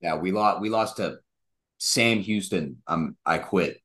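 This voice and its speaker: A young man co-hosting a casual sports podcast, mocking and animated, acting out quotes as he rants. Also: deep voice, unhurried. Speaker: podcast co-host.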